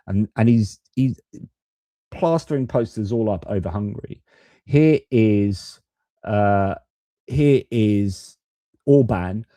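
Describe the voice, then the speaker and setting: A man's voice: lowish voice, dark tone, no echo, studio quality. A man hosting a live stream of off-the-cuff political commentary, with loose talk and restarts. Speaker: host.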